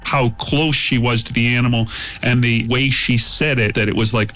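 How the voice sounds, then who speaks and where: A man's voice: medium pitch, steady tone, normal speed, a bit bright, soft background music. A man, a former undercover officer with a military background, recounting events in an interview in a plain, matter-of-fact way. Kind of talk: interview recollection.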